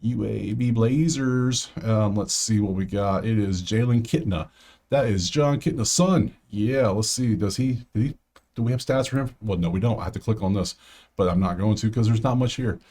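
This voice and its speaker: A man's voice: lowish voice, normal speed, a little mellow. A man hosting a sports betting show, thinking aloud in a casual solo commentary full of fillers and restarts.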